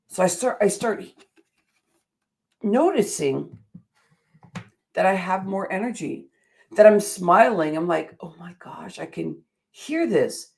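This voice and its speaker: A woman's voice: low voice, darkish tone. A middle-aged woman hosting a motivational show, telling a personal story in an earnest, emphatic way. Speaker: show host.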